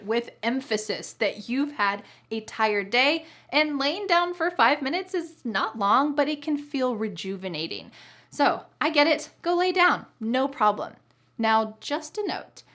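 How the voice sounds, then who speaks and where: A cheerful American woman gives an online English lesson in a fairly high voice. She explains phrases clearly, laughs often and acts out different tones of voice to show how each example should sound. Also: fairly bright tone. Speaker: English teacher.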